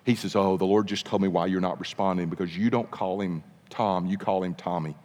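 Man, pastor, sermon storytelling, low voice, long hall reverb. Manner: animated storytelling with dramatic pauses.

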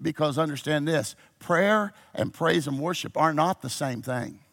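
Gravelly-voiced preacher man, shouting and dropping low. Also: a little slow. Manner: swings from shouted exhortation to low intimate teaching. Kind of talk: sermon. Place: church with a responsive congregation.

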